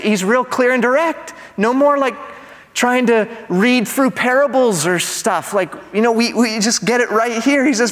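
A male pastor preaching an expository sermon, animated and asking the congregation to respond. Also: extremely high pitch, normal speed, in a large hall. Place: church sanctuary.

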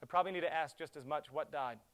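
A middle-aged male pastor preaching with a slightly raised voice. He surges into urgent, loud appeals, then drops to hushed, intimate near-whispers. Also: a little high, rapid-fire. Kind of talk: sermon.

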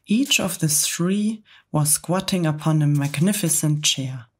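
A woman reading a children's book aloud in whispered role-play, soft and measured ASMR storytelling. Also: sits low, slightly rough. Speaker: storybook reader.

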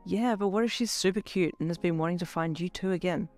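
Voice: medium pitch, fast talker, faint music behind, lightly acted. A reader voicing a loyal, upbeat young man who talks in a casual, chummy way. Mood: friendly.

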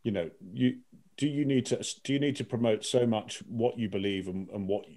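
A man talking as a podcast guest, animated and emphatic, restarting his sentences often. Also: mid-range voice, normal speed. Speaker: guest broadcaster. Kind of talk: casual podcast conversation.

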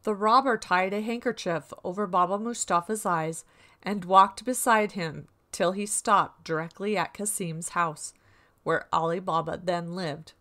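Female storyteller, calm even read-aloud of a classic tale. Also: lowish voice, unhurried. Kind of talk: storybook narration.

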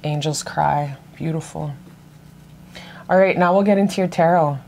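Woman tarot reader, low voice, profane and effusive, casual to-camera delivery. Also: moderate pace, creaky, a little mellow, a little hiss or hum.

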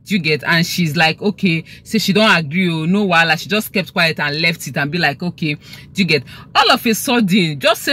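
A woman's voice: on the low side, lively intonation, fairly quick, sharp tone. A young Nigerian woman chatting through a casual gossip vlog from inside her car, slipping into Pidgin as she talks. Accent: Nigerian English. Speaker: gossip vlogger.

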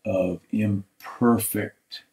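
A male art instructor giving a live drawing critique, thoughtful and halting, often trailing off into soft mutters. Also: fairly low pitch, steady tone, poor audio.

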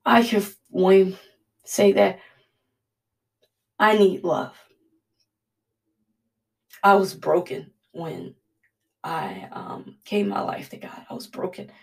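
A woman speaks a heartfelt devotional, earnest and halting, her voice catching with emotion. Her tone carries a gravelly, fry-edged texture. She sits some distance from the microphone, so the sound is a little removed. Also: mid-range voice, expressive. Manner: Southern-style "y'all".

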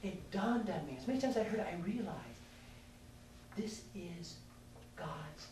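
Pastor preaching in an echoey hall. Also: male voice, high-pitched, sing-song, fast talker, a little mellow. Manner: candid, self-mocking storytelling with audience asides. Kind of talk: sermon. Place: large hall at a youth conference. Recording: echoey hall with distant mic and noise.

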